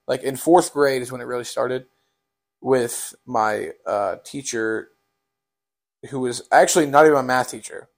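A man's voice: mid-range voice, measured pace. A young man telling a casual storytime on a podcast, rambling with lots of fillers.

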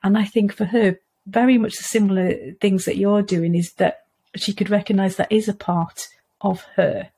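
Guest read: woman from Wales, chatty storyteller, mid-range pitch, many restarts. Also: fairly even intonation, normal speed, dark tone, slightly rough. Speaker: podcast guest, author. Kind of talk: casual conversation.

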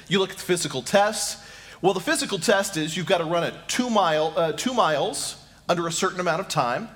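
A man's voice: high voice, a little fast, fairly bright tone. A middle-aged man preaching a sermon as pastor, repeating rhetorical questions and speaking straight to his listeners.

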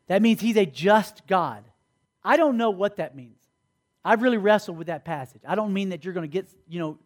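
High-voiced preacher telling stories. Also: male voice. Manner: storytelling, acts out characters, calls for responses. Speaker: youth pastor. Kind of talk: sermon.

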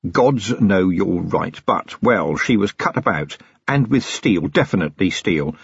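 A man's voice: low-pitched, lively intonation, unhurried, vocal fry, breathy edge, no echo, exaggerated voice. Brief: weary police commander, read by a male narrator, dull grim delivery, dry close mic.

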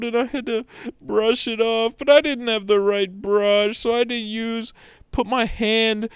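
A high, nasal-sounding whiner moans and groans about winter hardships, as a comedian puts on the voice. The pitch shoots well above a normal speaking voice and every sentence drips with exaggerated self-pity. The recording is dry and close. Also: male voice, smooth, no echo. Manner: whining, exaggerated moaning. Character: whiny adult complaining about snow.

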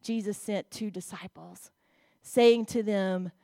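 High-voiced woman preaching. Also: a little slow, no echo, clean studio sound. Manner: expressive, reads scripture aloud and addresses the congregation. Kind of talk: sermon. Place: church.

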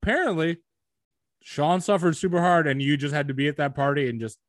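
A man's voice: a little high, brisk, dry recording. Laid-back young man, dry close sound. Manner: laid-back, profane, filler-heavy. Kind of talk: casual chat.

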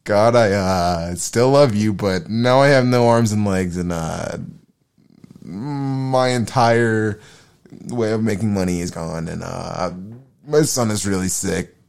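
A man voicing a humble, suffering male believer who prays in a meek, halting, apologetic way. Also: fairly low pitch, gravelly, darkish tone, clear, resonant tone. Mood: pleading.

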